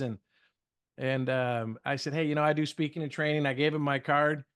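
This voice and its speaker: A middle-aged man telling lively stories in casual podcast chat, acting out the dialogue as a communication trainer. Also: fairly high pitch, a little fast, smooth. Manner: lively, acts out dialogue in stories, many fillers. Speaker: guest speaker and communication trainer.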